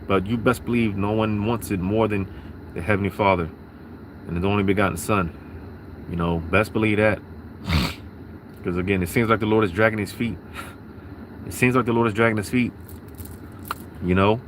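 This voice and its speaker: A man's voice: fairly low pitch, a bit bright, slight background noise. A man giving a rambling religious talk from his parked car, repeating himself with lots of fillers and sniffs. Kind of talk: casual religious monologue.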